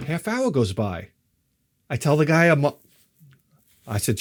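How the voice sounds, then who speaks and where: A middle-aged man tells his story to the camera. His voice sits slightly high for a man. He sounds wry and fed up, and he drops profanity without a second thought. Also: very animated, a little slow, long pauses. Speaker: vlogger.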